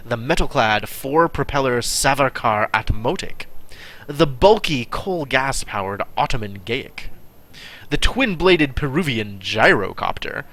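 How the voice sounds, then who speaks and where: A male streamer reading a text adventure out loud and commenting on his choices in a wry, chatty way. His voice is bright and lively, moving up and down in pitch. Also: a little slow. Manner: wry, chatty asides while reading aloud. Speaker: streamer playing a text game. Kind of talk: live game play with narration.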